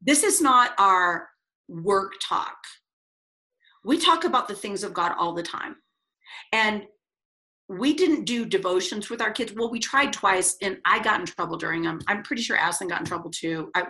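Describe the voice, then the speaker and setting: A middle-aged woman telling her life story as a podcast guest, animated and acting out the voices of people she quotes. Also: mid-range voice, normal speed. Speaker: guest speaker.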